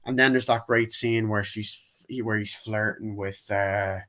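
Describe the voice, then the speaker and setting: A young man recaps a film in loose, rambling talk, his voice sitting slightly low. He keeps breaking into quick, high-pitched impressions of the characters as he goes. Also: steady tone, fairly bright tone. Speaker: movie reviewer. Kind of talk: casual spoken movie review.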